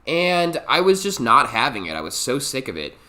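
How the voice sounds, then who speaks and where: Young male storyteller, swearing and animated, lively pitch that jumps around. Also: moderate pace. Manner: animated, profane, acts out quoted voices. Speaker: storytime YouTuber. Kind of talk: comedic storytime monologue.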